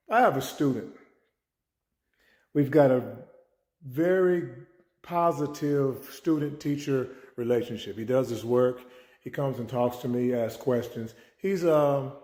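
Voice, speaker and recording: A man's voice: mid-range voice, mellow, echoey room. A man who is a teacher and mentor, telling a story as a life lesson and acting out the dialogue. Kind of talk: spoken life-lesson talk.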